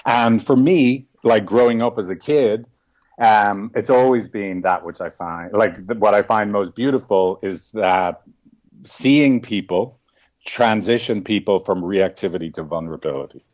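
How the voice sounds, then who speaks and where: A man's voice: fairly low pitch, measured pace, a little mellow, dull audio. A man with a Dublin Irish accent, a couples therapist telling stories earnestly, often tagging lines with "right?". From Ireland. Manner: earnest, storytelling, frequent "like" and "right?". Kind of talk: reflective interview talk.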